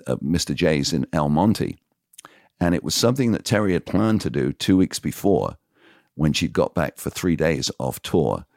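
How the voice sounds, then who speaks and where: Seasoned radio DJ as podcast guest, frank and animated, voices the people in his stories; rumbling low pitch, dead-dry room. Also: creaky, dry recording. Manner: animated, acts out quoted dialogue; frank, confessional. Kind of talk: casual storytelling in interview.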